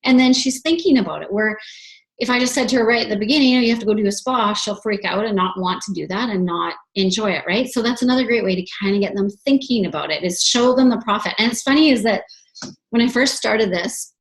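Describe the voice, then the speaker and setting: A woman's voice: medium pitch, quick pace, rough recording. A woman giving a casual team training talk as a sales team leader, chatty and often ending her points with "right?". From Canada.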